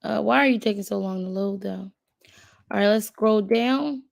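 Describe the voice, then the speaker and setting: This channel host talks at normal speed in a mid-range voice with vocal fry and no echo. She gives casual commentary while browsing, reading web pages aloud to viewers, thinking aloud and using plenty of fillers.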